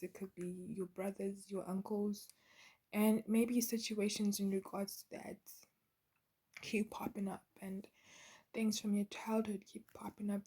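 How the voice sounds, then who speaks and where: A woman giving a channeled spiritual card reading in a soft, half-whispered, halting way, with many pauses. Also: medium pitch, slightly rough. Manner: soft, gentle, halting with fillers. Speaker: intuitive card reader.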